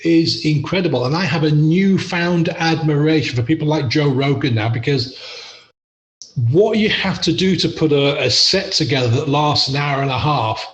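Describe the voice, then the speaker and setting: A man's voice: on the high side, moderate pace, roomy sound. Chatty English man telling stories. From England. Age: middle-aged. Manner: chatty, self-deprecating, laughs often. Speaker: podcast guest. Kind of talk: casual storytelling interview.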